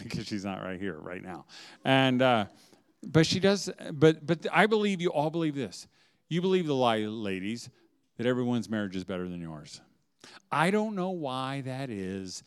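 Animated, smooth-voiced man telling funny stories. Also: on the high side, moderate pace. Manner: animated storytelling, laughs often, big swings in loudness. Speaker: speaker addressing mothers. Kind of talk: humorous talk to a live audience. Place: room with an audience.

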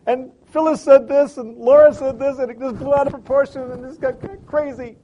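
A man voicing an upset wife who pours out her bad day in a high, strained voice. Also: fairly even intonation, brisk, dark tone, highs cut off, a little hiss or hum. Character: upset wife at the sink, shrill and exasperated.

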